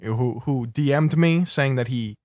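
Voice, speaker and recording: A man's voice: mid-range voice, measured pace, a little mellow, dry recording, clean studio sound. A man co-hosting a podcast in casual chat, laid-back, bringing up gossip and swearing casually. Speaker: podcast co-host.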